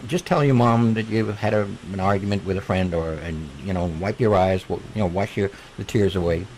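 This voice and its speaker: A man's voice: sits low, a little fast, darkish tone, poor audio. Earnest man telling a story, faint hiss. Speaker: guest. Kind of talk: personal storytelling.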